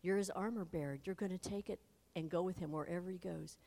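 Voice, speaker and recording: Animated woman teaching in a hall. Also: on the low side, quick pace, creaky. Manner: animated, addresses listeners directly. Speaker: Bible teacher. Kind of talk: Bible storytelling to an adult audience. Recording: long hall reverb.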